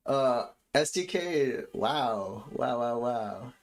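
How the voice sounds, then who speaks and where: A man's voice: medium pitch, takes it slowly. A man in his thirties, a music producer, chatting casually and rambling to his stream viewers while he makes a beat. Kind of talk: casual livestream chat while making beats. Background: faint beat music.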